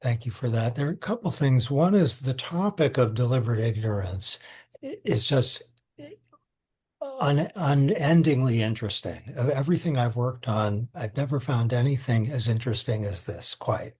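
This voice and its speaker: An older man answers interview questions with a slightly husky voice at an ordinary pitch. He talks thoughtfully, pausing and restarting, and sometimes sounds moved, over a video call. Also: big pitch swings, darkish tone. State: emotional. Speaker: interviewee, law professor.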